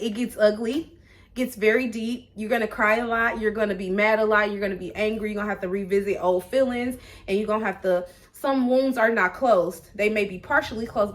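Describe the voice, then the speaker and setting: A woman talks to her viewers in a candid, chatty way, with a voice of middling pitch. She restarts her sentences often and fills pauses with little sounds. Her delivery stays animated and personal. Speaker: vlogger. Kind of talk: casual personal talk to camera.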